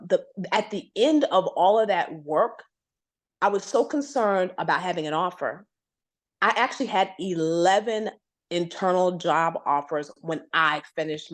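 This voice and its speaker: A woman guest telling a long career story in a conversation, acting out what others said to her with big jumps in pitch. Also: moderate pace. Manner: animated, acts out quoted voices with big pitch jumps.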